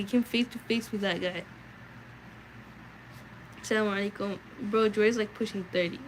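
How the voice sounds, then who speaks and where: A young adult woman streaming a read-aloud, chatting casually with viewers in an animated, filler-heavy way. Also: medium pitch, moderate pace, long pauses, slight background noise, rough recording.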